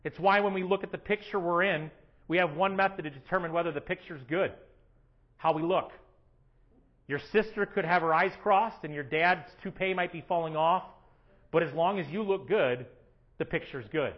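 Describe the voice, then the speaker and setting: High-pitched guy preaching in church, animated, bit of a muffled lo-fi sound. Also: moderate pace. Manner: animated preaching, acting out prayers in a raised voice. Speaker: pastor. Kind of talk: sermon. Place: church sanctuary.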